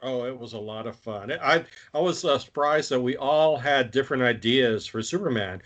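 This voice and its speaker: A man co-hosting a podcast in casual chat, easygoing and measured. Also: medium pitch, fairly bright tone. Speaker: podcast co-host.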